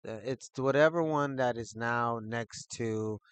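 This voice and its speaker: A man telling a personal story in a casual, rambling way, full of fillers, who gets animated as he retells it. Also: mid-range voice, a little slow, clear, resonant tone, no echo. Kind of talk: casual spoken anecdote.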